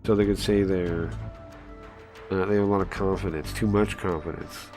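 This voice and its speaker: A man casually commenting while he plays and reads through a story game, chatty and easily excited, thinking aloud with many pauses. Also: sits low, faint music behind. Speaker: streamer playing and reading a story game. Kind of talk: casual live-stream commentary.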